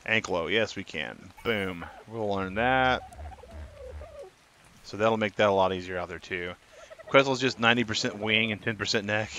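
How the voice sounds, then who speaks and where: Bright-voiced man streaming a game. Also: fairly low pitch, normal speed, slight background noise. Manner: chatty, reads and answers chat. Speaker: gaming streamer. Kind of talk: live gameplay commentary.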